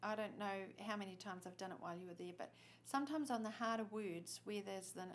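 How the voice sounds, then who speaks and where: A woman's voice: mid-range voice, slight background noise. Chatty woman English teacher. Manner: chatty, quick agreeing "yeah"s. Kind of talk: casual interview chat.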